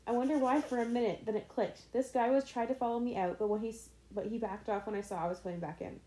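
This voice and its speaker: A woman's voice: on the high side, fairly even intonation, fast talker, warm tone, echoey room, slight background noise, rough recording. A young woman co-hosting a casual podcast, reading stories aloud, giggly and full of "like"s. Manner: giggly, talks with many "like"s. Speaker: podcast co-host.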